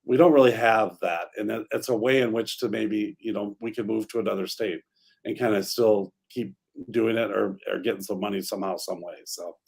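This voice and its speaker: A man's voice: fairly low pitch, steady tone, brisk, vocal fry, a little mellow, husky. A middle-aged man hosting a real estate radio show, talking in an easygoing, hesitant way that trails off. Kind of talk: casual talk radio chat.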